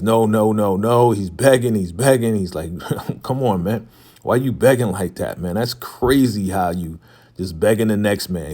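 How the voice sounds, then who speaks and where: A man's voice: deep voice, a little mellow. A young man casually recapping a TV drama episode, retelling scenes by quoting the characters in loose paraphrase and chuckling now and then. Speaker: TV recap host.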